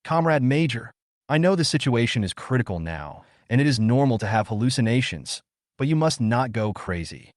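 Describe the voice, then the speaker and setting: A man's voice: mid-range voice, big pitch swings, moderate pace, no room sound, clean studio sound, natural voice. A man voicing an anxious foreign comrade officer who speaks earnestly and urgently.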